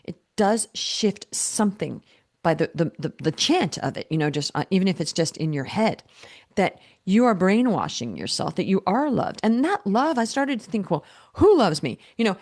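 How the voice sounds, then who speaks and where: Her voice is mid-range, sing-song and a little mellow, moving at a moderate pace. This business coach, 50s or older, rambles through stories in an interview conversation, with many restarts and bits of quoted self-talk.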